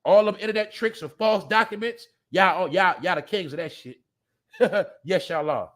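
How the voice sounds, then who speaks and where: A man's voice: sits high, normal speed, fairly bright tone. A man hosting a live show, ranting bluntly and profanely in a rambling way, often laughing. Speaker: podcast host. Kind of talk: casual live-stream rant.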